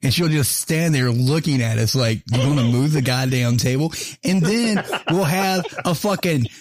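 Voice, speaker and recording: A man's voice: on the high side, normal speed, dry recording. A man co-hosting a podcast, ranting in a joking, profane way during casual chat. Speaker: podcast co-host.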